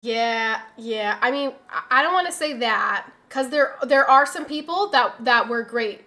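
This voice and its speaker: A woman's voice: on the high side, expressive, unhurried, sharp tone. A woman streamer chatting casually with her audience, telling exasperated stories about her pets and reading out messages from chat. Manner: chatty, exasperated storytelling, reads chat aloud.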